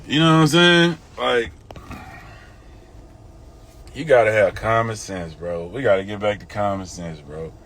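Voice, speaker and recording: A man's voice: fairly low pitch, unhurried, pauses often, a bit bright. A middle-aged man with a Houston accent ranting bluntly and profanely on a phone livestream. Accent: Southern US, Houston. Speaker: livestream host. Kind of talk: casual livestream rant. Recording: faint background noise.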